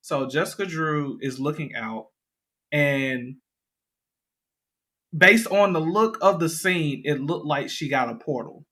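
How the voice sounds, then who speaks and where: A man's voice: a little high, takes it slowly, pauses often, sharp tone. A man co-hosting a podcast, chatting casually and thinking aloud with hesitant fillers. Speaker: podcast co-host. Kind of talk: casual chat.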